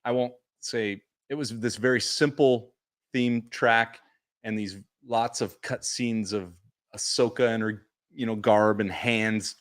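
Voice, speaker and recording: A man in the middle of his range, recapping a fan convention with his co-host. He tells stories with energy and acts out quotes in sudden high bursts. The talk is relaxed and conversational. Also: measured pace. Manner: animated storyteller, acts out quotes with big pitch jumps. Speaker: podcast co-host. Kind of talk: casual chat recap.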